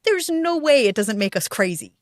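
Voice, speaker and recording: A woman's voice: a little high, big pitch swings, moderate pace, dry recording, clean studio sound. A middle-aged woman co-hosting a podcast, chatting casually and laughing often. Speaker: podcast co-host. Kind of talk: casual chat.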